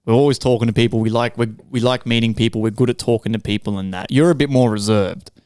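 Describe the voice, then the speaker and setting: A man co-hosting a podcast in a mid-pitched voice. He talks casually and slangily, saying bro and swearing often. The recording is dry and close. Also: fairly even intonation, fast talker, a little mellow, clear, resonant tone, dry recording. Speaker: podcast co-host. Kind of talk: casual chat.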